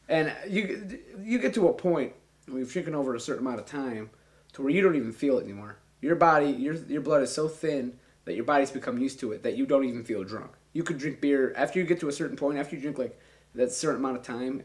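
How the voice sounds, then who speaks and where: A young man in his twenties telling a long, rambling, profane story in a casual, animated way. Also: mid-range voice.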